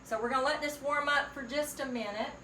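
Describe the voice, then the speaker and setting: A woman with a Southern US accent runs a cooking channel, chatting warmly and homily while she stirs and cooks through a casual demo in a borrowed home kitchen. She has a high, sharp-toned voice and talks briskly over slight background noise. A distant mic catches the kitchen's echo and the frying and sizzling of a pan on the stove.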